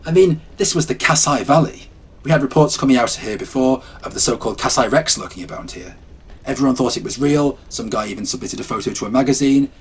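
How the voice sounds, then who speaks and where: A man telling a first-person horror story as scripted narration, in a calm, measured way. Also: medium pitch, husky.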